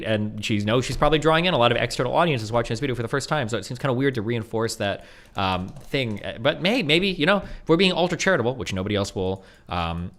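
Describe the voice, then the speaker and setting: Male reaction host; fast, argumentative, mocking delivery. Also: mid-range voice. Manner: animated, sarcastic and argumentative, with mocking asides. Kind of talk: commentary reacting to a video.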